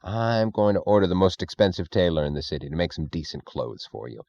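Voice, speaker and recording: A man's voice: low-pitched, big pitch swings, brisk, a little mellow, dull audio. A man reading an audiobook, voicing a nervous, evasive male government leader who pleads and fidgets. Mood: flustered. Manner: pleading, fidgety, falsely casual.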